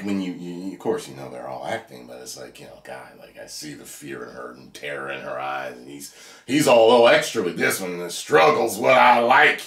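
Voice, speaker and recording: A man giving a casual video review of a TV episode, animated, laughing often and breaking into loud whoops. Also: low voice. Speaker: TV show reviewer. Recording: echoey room.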